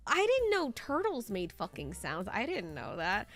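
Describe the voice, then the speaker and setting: A woman's voice: mid-range voice, wildly swooping pitch, measured pace, few pauses, music in the background. A young adult woman streamer reacting to her chat, swearing freely and whining in mock outrage.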